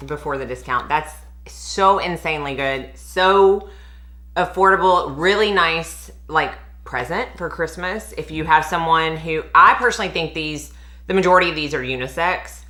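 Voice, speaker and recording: A woman's voice: low voice, moderate pace, bright, forceful tone. A woman, chatting enthusiastically while reviewing perfumes as a beauty vlogger. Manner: chatty, enthusiastic, laughs often. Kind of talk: casual fragrance review chat.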